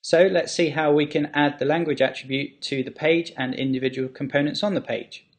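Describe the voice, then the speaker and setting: A man who works as a web developer, explaining a how-to topic in a clear, steady tutorial style. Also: a little high, fairly quick.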